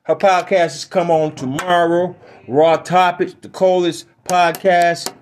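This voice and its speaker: On his podcast, a man from Detroit rambles through funny stories and opinions, repeating himself and hammering his points home. His voice sits high, with a level tone and a slightly slow delivery.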